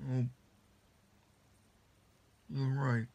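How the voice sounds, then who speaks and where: A man's voice: mid-range voice, level tone, drawn-out words, a little mellow, dull audio. A young man from the UK ranting in a vlog, annoyed and rambling, with many restarts and blunt complaints. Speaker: vlogger.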